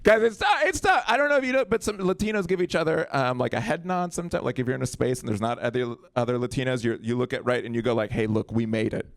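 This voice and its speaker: A young man from Colombia doing a stand-up comedy set on a club stage into a handheld mic, hosting the night and jumping into quick voices and impressions. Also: medium pitch, gravelly, no echo, studio quality. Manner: animated, jumps into voices and impressions.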